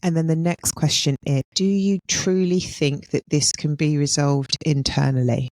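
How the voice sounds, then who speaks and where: A woman hosting a solo podcast, speaking in a measured way and putting reflective questions to her listeners. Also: low-pitched, steady tone, darkish tone, no echo, rough recording. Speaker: podcast host and healthcare consultant.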